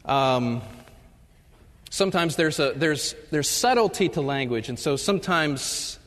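A male professor giving a humorous chapel talk, telling stories and acting out the jokes in loud voices. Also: on the high side, lively intonation, unhurried. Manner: storytelling, acts out jokes with loud shouted voices. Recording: long reverb of a large hall.

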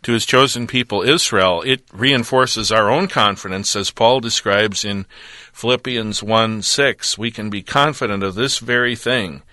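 A man with a bright, forceful, somewhat low voice talks about his teaching work in an earnest, measured way. He has a preacher's cadence and frequent thinking pauses. The sound is dry and close. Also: no echo. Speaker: ministry representative, Bible teacher. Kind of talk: radio interview about his ministry.

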